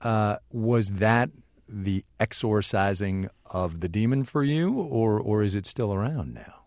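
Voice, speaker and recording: A man's voice: lowish voice, unhurried, darkish tone, dry recording, clean studio sound. A man hosting an interview, asking casual questions and summing up his guest's story before handing it back. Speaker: interviewer, host.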